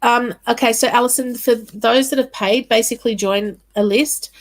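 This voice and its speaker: During a live stream of psychic card readings, a woman speaks in a slightly high, steady voice, casual and reassuring in manner. She calls viewers by name and often pauses on "um" and "all right"; the recording quality is low.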